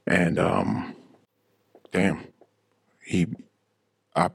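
A middle-aged man hosting a podcast, telling a painful personal story in a halting, emotional way, with many restarts and fillers. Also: sits low, fairly even intonation, gravelly, slightly rough, no echo. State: emotionally shaken. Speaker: podcast host. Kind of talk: personal confessional monologue.

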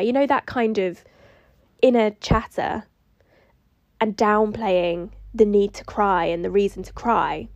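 A woman's voice: mid-range voice, fairly even intonation, unhurried, vocal fry, a little mellow, no room sound, dull audio. A woman hosting a solo podcast, telling a personal story in a reflective, rambling way that includes her own inner dialogue. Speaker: podcast host.

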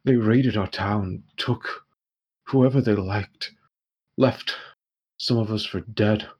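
A man's voice: fairly low pitch, slow, a little mellow, slightly rough. A man voicing a grateful, shaken village man who pleads earnestly and tumbles over his thanks.

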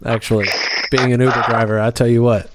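A man's voice: medium pitch, level tone, quick pace, very noisy. A man hosting a podcast, chatting casually and telling a story bluntly with plenty of swearing. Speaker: podcast host. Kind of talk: casual chat.

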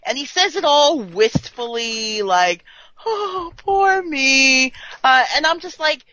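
Animated woman on a dull remote line. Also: high-pitched, unhurried. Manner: laughing, animated, opinionated. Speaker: podcast co-host. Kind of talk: casual chat.

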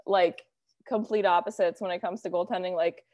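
A woman's voice: on the low side, fairly even intonation, normal speed, darkish tone. A young woman hosting a casual chat, talking loosely with many fillers. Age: young adult. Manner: chatty, lots of fillers and "you know". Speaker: podcast host.

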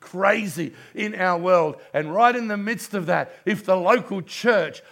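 A middle-aged man, preaching a sermon in church and telling a story with passion, dropping to a hush and then rising loud. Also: high-pitched, unhurried, gravelly. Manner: impassioned storytelling preacher, swings from hushed to loud. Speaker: pastor.

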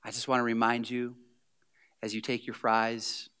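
A pastor delivers an animated sermon in a smooth, medium-pitched voice at a moderate pace, acting out little scenes and sometimes sinking to a near whisper.

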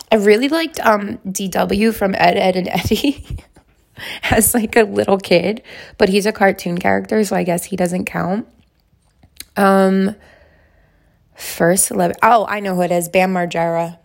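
Casting: twenties woman, low-set voice with gravelly fry, rambling Q&A vlogger. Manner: chatty, rambling, many fillers. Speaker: vlogger answering question prompts. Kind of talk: casual chat.

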